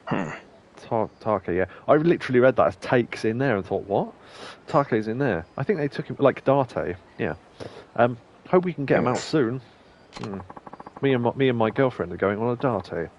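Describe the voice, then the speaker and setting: A man's voice: mid-range voice, lively intonation, a little fast, darkish tone, highs cut off, slight background noise. A young man streaming a game, reading its dialogue aloud between rambling, chuckling asides. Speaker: let's play streamer. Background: faint game music.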